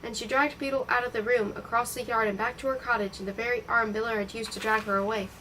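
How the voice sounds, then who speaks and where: A woman reading a novel aloud in a steady, expressive storytelling voice. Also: a little high, fast talker, recorded from a distance, a little hiss or hum, rough recording. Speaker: audiobook reader.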